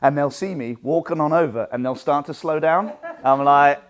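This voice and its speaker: A man teaching a coaching seminar for martial arts instructors, lively and animated, acting out what he says to students. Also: fairly high pitch, normal speed, very noisy. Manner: lively, animated, acts out quotes.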